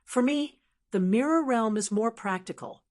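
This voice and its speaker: A woman voicing a calm young male martial hero in an audiobook, giving brief, plain replies. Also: a little high, normal speed, natural voice.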